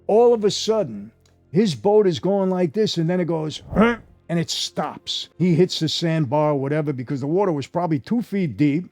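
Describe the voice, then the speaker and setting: Un homme âgé à l'new-yorkais raconte ses souvenirs d'une voix plutôt haute pour un homme mais au timbre chaud et sombre. Il parle de façon vivante et familière, en interpellant sans cesse son public. On entend une légère musique en fond. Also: male voice, on the high side, normal speed, soft background music. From New York. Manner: animated, addresses listeners directly, repeats "I gotta tell you". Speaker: former mobster telling stories. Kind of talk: casual storytelling monologue.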